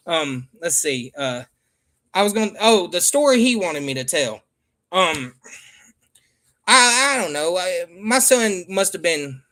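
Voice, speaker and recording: A man's voice: a little high, pushed and bright. A man with a Southern American accent chatting casually to viewers as a father and streamer, joking and trailing off with ums. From Michigan. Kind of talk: casual rambling chat to viewers.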